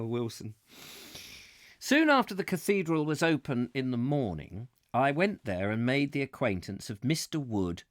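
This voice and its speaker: Guy reading a book out loud on a live stream, chatty rambling asides, voice bounces up and down a lot. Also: mid-range voice, dry recording, studio quality. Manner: playful, rambling, chuckling asides.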